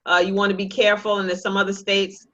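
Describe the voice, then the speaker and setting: A woman teaching a real estate investing class, talking in a lively, joking, sales-pitch way. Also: fast talker, lo-fi sound. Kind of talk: live online class presentation.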